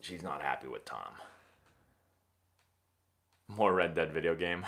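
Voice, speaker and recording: A young man hosting a casual live stream, answering viewer questions in a rambling, animated sports-fan way. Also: low voice, slow, gravelly, pauses often. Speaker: host of a live baseball Q&A stream.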